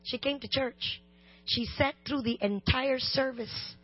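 Very high-voiced woman preaching, shouting at peaks. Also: husky, faint music behind. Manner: swings from chatty, joking asides to loud, slow shouting. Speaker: guest preacher. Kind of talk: sermon. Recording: slightly dull, dry sound.

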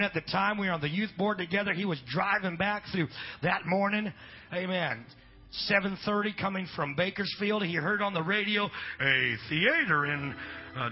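A middle-aged pastor telling a story in a folksy sermon, dropping in amens and swinging between loud and hushed. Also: male voice, high voice. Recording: dull lo-fi recording with faint music.

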